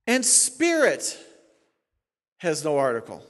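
A man's voice: fairly high pitch, big pitch swings, a little slow, fairly bright tone. A male pastor teaching a sermon, explaining Greek grammar point by point with emphatic stresses. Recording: long hall reverb.

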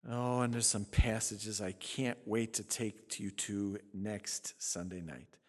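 A male pastor preaching a sermon, swinging from loud, fiery emphasis to hushed, low asides. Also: fairly even intonation, takes it slowly, big-room sound.

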